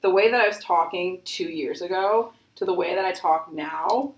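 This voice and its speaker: A young woman in her twenties talks loosely and at length, stringing thoughts together with filler words and swearing. Her voice sits on the low side. The room around her rings with echo. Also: normal speed. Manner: rambling, heavy use of filler "like", frequent swearing. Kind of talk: casual chat.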